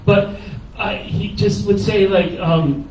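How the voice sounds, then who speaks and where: Man, comedian, faltering tearful memorial speech, slightly high voice, distant, boomy noisy room. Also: fairly even intonation. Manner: halting, stammering, close to tears. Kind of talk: emotional memorial tribute. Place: crowded cafe. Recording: echoey room, taped from afar.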